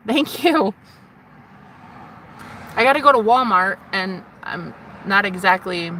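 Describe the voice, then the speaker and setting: Bright-voiced woman rambling on a livestream. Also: medium pitch, expressive, takes it slowly, a little hiss or hum. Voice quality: rambling, dreamy, swings from giggly to hushed. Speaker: livestream host. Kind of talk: rambling live-stream chat.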